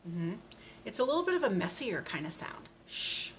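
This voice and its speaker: A woman's voice: mid-range voice, sing-song, a bit bright, a little hiss or hum. Patient woman teaching speech sounds. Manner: slow, patient, exaggerated sound modeling. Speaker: speech therapist. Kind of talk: children's speech lesson.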